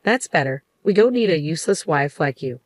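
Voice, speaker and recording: A woman's voice: low-pitched, lively intonation, brisk, dry recording, studio quality. A woman voicing a smug, mocking middle-aged mother-in-law in a narrated story, with a taunting manner.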